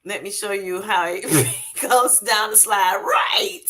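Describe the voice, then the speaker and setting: A woman's voice: medium pitch, slow pace, fairly bright tone. A middle-aged woman chatting casually with viewers on a livestream, laughing often and calling them honey and y'all. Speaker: livestream host. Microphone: streaming setup.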